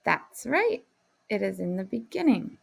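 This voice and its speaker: A woman's voice: medium pitch, sing-song, creaky, breathy edge. A woman teaching a phonics lesson to young children, speaking in a patient, encouraging way. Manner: slow, patient, encouraging classroom delivery.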